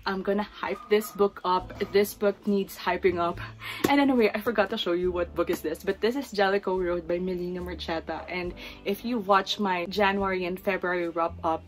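A woman's voice: fairly low pitch, fairly even intonation, normal speed, music in the background, rough recording. A young woman in her twenties with a Filipino accent, chatting in her book vlog, emotional and gushing, at times teary. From Philippines. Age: 20s. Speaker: book vlogger. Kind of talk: casual chat.

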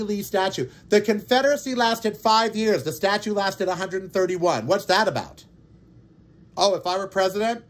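Ranting man with a higher voice. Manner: ranting, sarcastic, indignant. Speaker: podcast host. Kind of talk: political monologue.

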